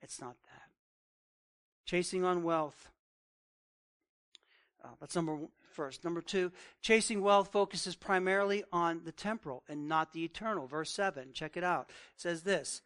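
A man delivers a sermon in a fairly high voice. He reads passages aloud, then talks them through in a loose, conversational way, often checking in with his listeners. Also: normal speed, a bit bright. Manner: conversational preaching with direct questions to the congregation. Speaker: pastor.

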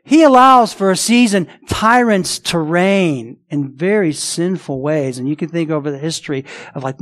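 A man's voice: a little high, normal speed, hardly any pauses, a bit bright. A man preaching a sermon as a pastor, talking conversationally with rhetorical questions, restarts and acted-out voices. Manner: frequent restarts and repeated words.

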